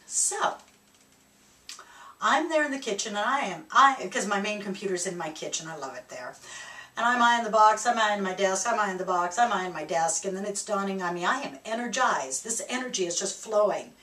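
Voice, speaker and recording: At a moderate pace, this spiritual speaker recounts a personal, reflective story with animation and occasional laughter. Her mid-range voice sounds distant, set in a roomy space full of echo.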